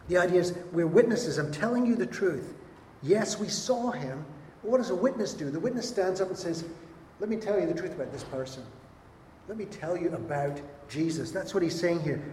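A man's voice: fairly high pitch, darkish tone, a little hiss or hum. A man preaching a sermon, earnest and emphatic, often repeating his points. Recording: echoey hall with long reverb.

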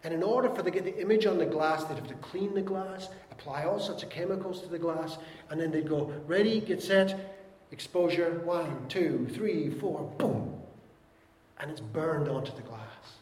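A man preaching a sermon, earnest and plain-spoken, dropping softly on key words and joking with the congregation. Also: on the high side, fairly quick. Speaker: pastor. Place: church hall. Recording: echoey church hall.

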